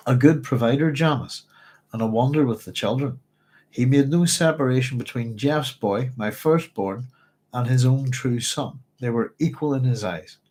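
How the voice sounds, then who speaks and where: Pragmatic grieving desert woman, read by a man, measured, even-pitched, lightly acted. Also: close to an everyday voice.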